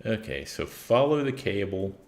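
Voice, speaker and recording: A man's voice: on the low side, big pitch swings, moderate pace, a little mellow, reverberant, slight background noise. Chatty, laughing male game streamer. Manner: chatty, laughs often, jokey asides. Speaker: gaming streamer. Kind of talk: casual gameplay commentary.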